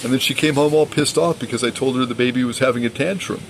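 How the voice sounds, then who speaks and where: A man's voice: medium pitch, fast, a little hiss or hum, poor audio. A father speaking in a personal vlog monologue, earnest and aggrieved, insisting on his side of the story.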